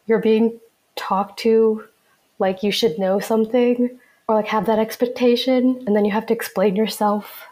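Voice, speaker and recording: A woman's voice: a little high, steady tone, moderate pace, darkish tone. A young American woman co-hosting a podcast, talking reflectively and casually with many "like" fillers. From United States. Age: young adult. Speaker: podcast co-host.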